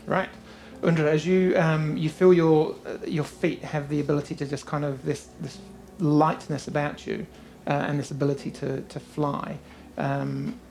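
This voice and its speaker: Low, gravelly woman game master, casual and rambling. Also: a little mellow. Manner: casual, filler-heavy narration. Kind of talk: narrating a tabletop game.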